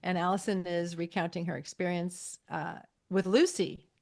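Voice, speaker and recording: A woman's voice: lowish voice, level tone, moderate pace, vocal fry. A woman co-hosting a podcast, chatting casually as she recaps an episode and acts out lines from the scenes. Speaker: podcast co-host.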